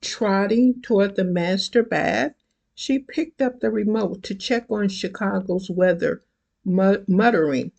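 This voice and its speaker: Slow, gravelly older author reading aloud. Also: medium pitch, a little mellow. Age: 70s. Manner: slow, deliberate, careful reading. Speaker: self-published author. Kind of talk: reading own novel excerpt.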